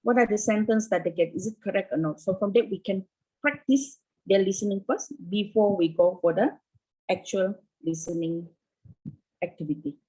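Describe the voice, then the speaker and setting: A woman's voice: mid-range voice, moderate pace, dark tone, slightly rough, poor audio. A Malaysian English teacher in her fifties, answering interview questions over a video call, repeating herself and checking in with "okay".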